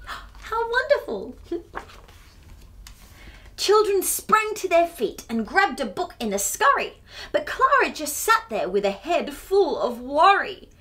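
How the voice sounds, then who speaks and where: Woman, children's storyteller, high pitch, very lively intonation, chatty asides. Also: slow pace, long pauses. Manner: animated, chatty asides with gasps and giggles. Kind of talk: picture book read-aloud.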